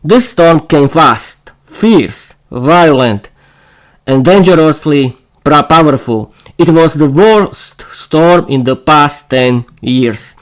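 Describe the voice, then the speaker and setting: A man's voice: a little high, slow. A man reading a story aloud for English learners as a podcast host, with small slips and asides to listeners.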